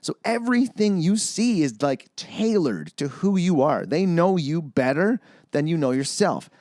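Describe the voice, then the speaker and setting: A man's voice: fairly high pitch, animated, measured pace, darkish tone, no room sound, clean studio sound. A man co-hosting a podcast in casual chat, rambling, swearing freely and acting out other people's voices. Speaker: podcast co-host.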